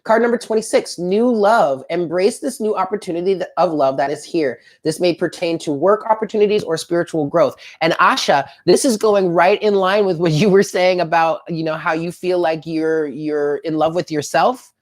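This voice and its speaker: A woman's voice: lowish voice, moderate pace, hardly any pauses. A woman giving a chatty live tarot reading, talking straight to her viewers in an upbeat way. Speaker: tarot reader.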